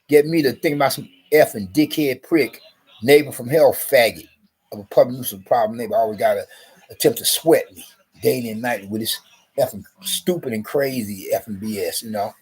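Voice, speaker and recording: A man's voice: mid-range voice, moderate pace, darkish tone, husky. Man ranting in a rambling profane monologue. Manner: profane, repetitive, agitated; rises sharply when quoting himself. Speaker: vlogger. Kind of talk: rambling storytelling rant to camera.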